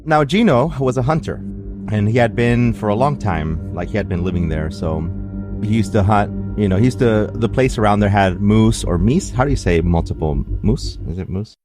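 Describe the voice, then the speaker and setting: A man with an accent co-hosting a podcast, telling stories in a casual, animated way and laughing often. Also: fairly low pitch, normal speed, music in the background. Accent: non-native English. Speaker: podcast co-host. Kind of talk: casual storytelling chat.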